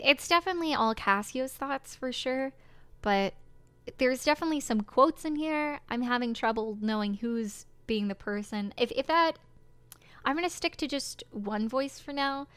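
Smooth-voiced woman chatting over a game. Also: on the high side, moderate pace, a bit bright, dry recording. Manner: chatty, giggly, apologetic asides. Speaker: visual novel streamer. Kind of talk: let's-play commentary.

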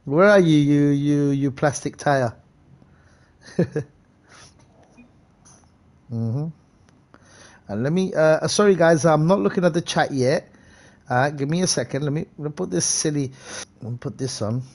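A young man live-streaming a game, chatting casually and hyping up viewers by name in quick, slangy bursts. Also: on the high side, lively intonation, darkish tone.

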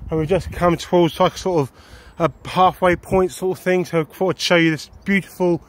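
Breathless high-voiced man vlogging outdoors. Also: fairly even intonation, brisk. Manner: chatty, enthusiastic, sometimes sings to himself. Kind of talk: casual vlog narration. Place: outdoors at a wildlife park.

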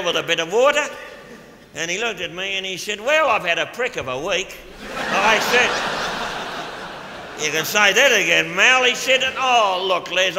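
A man's voice: sits high, roomy sound, long reverb tail, noisy background. A man playing a crude, boozy middle-aged Australian official in a live stand-up monologue, with a brash, gleeful drawl and an Australian accent. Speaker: stage comedian in character. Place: stage before a live audience. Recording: live theater recording with audience.

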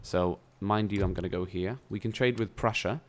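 Deep-voiced man narrating a strategy game. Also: normal speed. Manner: chatty, thinking aloud while playing, casual swearing. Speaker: gameplay commentator. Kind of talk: casual let's-play commentary.

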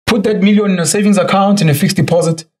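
South african guy with a pretty high voice, chatty podcast guest, does little voices when he quotes people. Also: fast. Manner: animated storyteller who acts out quoted voices. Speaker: guest, author and entrepreneur. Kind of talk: casual podcast conversation.

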